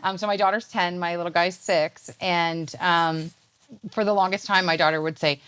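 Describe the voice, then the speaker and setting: A Canadian woman in her thirties chats as an interview guest. Her voice sits a little low, and she rambles along with plenty of fillers and restarts. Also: steady tone, brisk, fairly bright tone, smooth. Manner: chatty, rambling with many fillers. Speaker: poet and guest. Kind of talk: casual interview chat.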